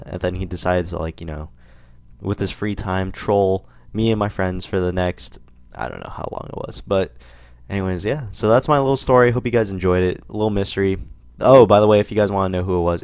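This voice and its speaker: A young man telling a rambling, animated story while commentating on a game, with lots of fillers. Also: deep voice. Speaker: gaming commentator. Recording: faint gunfire noise behind. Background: game gunfire.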